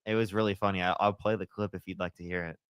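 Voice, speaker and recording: A man's voice: low voice, flat delivery, rapid-fire, clear, resonant tone, no room sound, clean studio sound. A man hosting a debate livestream, rambling with many fillers. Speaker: livestream host.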